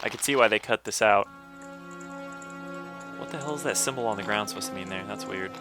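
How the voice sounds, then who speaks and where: A man's voice: lowish voice, brisk, over loud music. A young man giving casual, crude, joking commentary while playing a video game. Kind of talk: let's play commentary.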